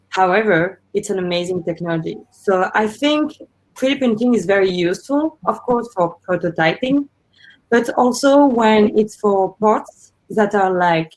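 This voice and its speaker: A woman founder speaks earnestly in a panel discussion, explaining her points with small fillers. Her voice has a medium pitch and a darkish tone, and the audio is muffled and lo-fi.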